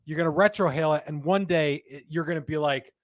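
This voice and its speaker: A man's voice: fairly high pitch, fast, dry recording. A man hosting a casual livestream chat, talking in a chatty, joking, rambling way. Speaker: livestream host.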